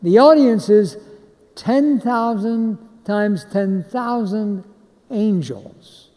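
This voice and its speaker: A man's voice: sits high, animated, extremely slow, mellow. A man preaching a sermon, leading the crowd in call-and-response chants. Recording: long hall reverb.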